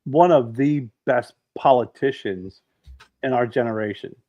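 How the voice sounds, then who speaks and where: A middle-aged man co-hosting a podcast in casual chat, telling rambling, animated stories with many restarts. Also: mid-range voice, unhurried, dull audio. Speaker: podcast co-host.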